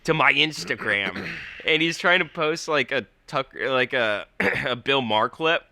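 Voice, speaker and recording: A man's voice: medium pitch, lively intonation, unhurried, creaky, sharp tone, dry recording. A young man co-hosting a podcast, telling a rambling story in casual chat and swearing freely. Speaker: podcast co-host.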